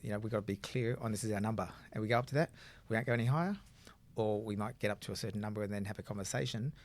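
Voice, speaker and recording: Fast-talking buyer's agent, rambling. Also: male voice, on the low side. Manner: rambling, explanatory, frequent "you know" fillers. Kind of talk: casual podcast chat.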